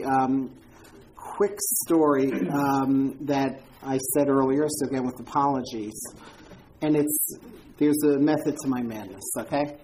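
A woman's voice: sits low, darkish tone, slight background noise, poor audio. A woman giving an informal talk and answering audience questions, speaking conversationally with repeated words and frequent ums as she tells stories. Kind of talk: informal lecture with Q&A.

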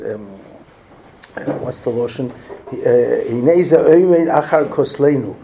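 A man with a gravelly, mellow voice tells folksy stories to a group, dropping Yiddish and Hebrew words as he goes. His delivery is homely and conversational. A faint hiss and a few clicks sit under the recording. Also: mid-range voice. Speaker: rabbi speaking to a visiting group. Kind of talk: storytelling talk to a group.

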